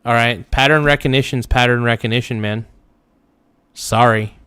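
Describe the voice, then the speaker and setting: A man in the middle of a livestream rant, blunt and emphatic, who keeps circling back to the same point. His voice sits at an ordinary middle pitch. The sound is close and dry, with no room echo. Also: moderate pace, fairly bright tone. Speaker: livestream reaction host. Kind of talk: ranting reaction commentary.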